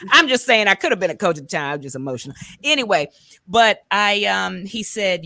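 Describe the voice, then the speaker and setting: A woman hosting a talk show as a coach, speaking in an animated, rambling way with colloquial asides and self-corrections. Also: medium pitch, fairly quick, vocal fry, no room sound, studio quality. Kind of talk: casual conversational interview.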